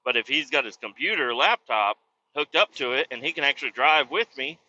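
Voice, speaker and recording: A man's voice: mid-range voice, lively intonation, a little fast, bright, forceful tone. A truck driver venting in a profane, casual vlog monologue from his cab. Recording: dull lo-fi audio with faint road noise.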